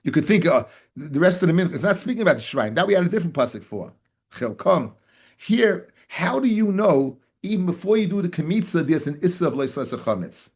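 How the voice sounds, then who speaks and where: A rabbi teaching a daily Talmud class talks fast in a sing-song, slightly rough voice on the high side. He repeats phrases, fires rhetorical questions at his listeners, calls them "guys," and mixes Hebrew and Yiddish terms into his English.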